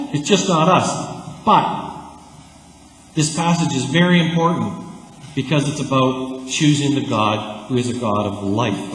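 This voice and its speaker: A man from Canada preaching a sermon as pastor, conversational and animated, with lively asides. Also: medium pitch, slight background noise. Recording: echoey church hall.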